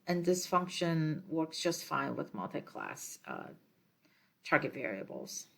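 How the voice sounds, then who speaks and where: A woman lecturer explaining her slides in a measured way, with frequent ums and uhs as she works through each step. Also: low voice, very animated, creaky, fairly bright tone.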